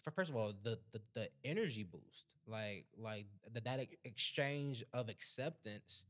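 A man's voice: medium pitch, animated, measured pace, fairly bright tone. Rambling man hosting a chat show. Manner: rambling, repeats words while building thoughts. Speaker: podcast host. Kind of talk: casual chat.

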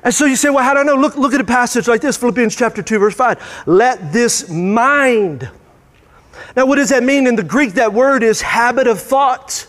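A male pastor delivers a sermon, swinging into emphatic, rising bursts. His voice sits unusually high. A long hall reverb trails behind every phrase. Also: animated, brisk, a bit bright.

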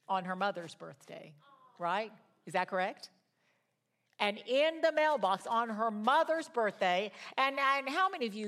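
A woman in her sixties leading a Bible study, telling stories in an animated way that swings between loud exclamations and quiet asides, and talking straight to her audience. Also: mid-range voice. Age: 60s. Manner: chatty, addresses the audience directly. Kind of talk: storytelling Bible study teaching.

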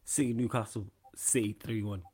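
A man's voice: on the low side, fairly even intonation, darkish tone, slightly rough. A man in a casual sports chat, rattling off his score predictions in an offhand way. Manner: quick, offhand listing of scores.

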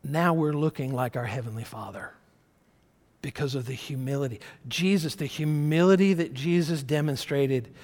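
Man preaching, earnest and conversational, fairly high voice, long hall reverb. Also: moderate pace. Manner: earnest, conversational preaching with swings from loud emphasis to soft. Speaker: pastor. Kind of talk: sermon.

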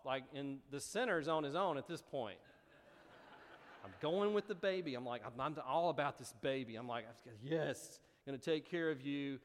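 A male pastor delivering a sermon, telling stories with rising, animated emphasis. His voice sits in a middle range. It carries a long reverb, as if spoken from the front of a large hall. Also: mid-range voice, moderate pace.

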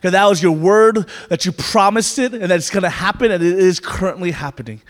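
Brisk and high-pitched, a pastor gives a sermon that mixes casual talk and playful asides before settling into sincere prayer. The recording carries the reverb of a church hall in the sanctuary.

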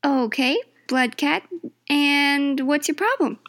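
Woman as a chirpy mock radio host, high and bright; comedy call-in skit. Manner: cheery, brisk, mock-broadcaster.

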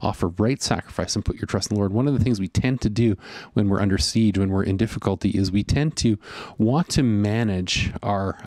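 A man's voice: fairly low pitch, fairly quick, few pauses, a little mellow, no echo. A man preaching a sermon in an earnest, conversational way, often voicing inner thoughts. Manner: earnest, conversational, with fillers and voiced inner monologue. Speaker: pastor.

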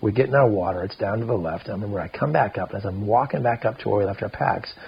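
Gravelly, husky-voiced man telling a story. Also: fast, muffled recording. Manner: animated, lots of filler "like", jumps into high voices for quotes. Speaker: podcast guest. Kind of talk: casual storytelling.

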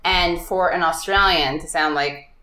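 A woman's voice: lowish voice, pushed and bright. Joking woman host, echoey room. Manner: joking, teasing, quick asides. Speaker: podcast host. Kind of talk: casual interview chat.

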